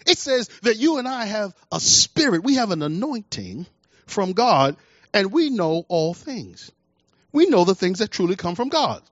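Animated high-voiced preacher, dull dry sound. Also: male voice, measured pace, no room sound. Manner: animated preaching, acting out the voices of people in his stories; colloquial, folksy phrasing. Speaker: pastor. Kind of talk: sermon.

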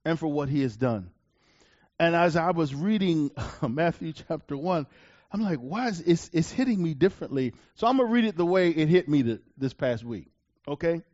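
A man preaching a sermon, reading scripture aloud and swinging from loud declarations to quiet asides. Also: highs cut off. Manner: emphatic, rising to loud declarations then dropping low.

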